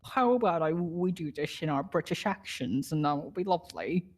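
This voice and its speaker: Brief: low-pitched woman, roleplay player, playful and teasing, mock-posh. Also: expressive, moderate pace, darkish tone. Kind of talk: in-character game roleplay chat.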